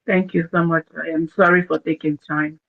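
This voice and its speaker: A woman's voice: low voice, flat delivery, normal speed. Woman, impassioned commentator, emphatic and repetitive; dull lo-fi sound. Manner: emphatic, repeats words for force. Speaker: speaker on an audio chat room.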